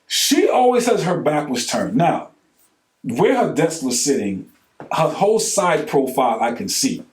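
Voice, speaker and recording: Animated New man telling a story. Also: a little high, unhurried, echoey room. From New York. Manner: animated, acts out quoted dialogue with colloquial slang. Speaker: podcast co-host. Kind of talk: casual storytelling chat.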